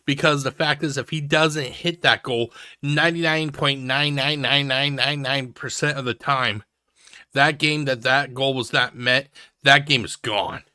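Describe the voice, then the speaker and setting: A man's voice: medium pitch, fairly even intonation, unhurried, pushed and bright, smooth, dry recording, studio quality. A man giving mocking reaction commentary, sarcastic and ranting, swearing heavily. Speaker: commentary host.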